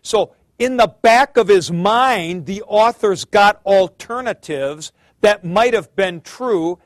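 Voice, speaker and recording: This man teaches a class in a slow, high-sitting voice, patiently explaining while calling on students by name. His lecture is thinking out loud, with fillers and false starts. The audio is dry and studio-clean.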